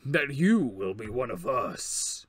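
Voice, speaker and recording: A man voicing a smug male demon advisor in a text adventure game, speaking slowly and low. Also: very animated, fairly bright tone, breathy edge, dry recording, heavily acted. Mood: ominous.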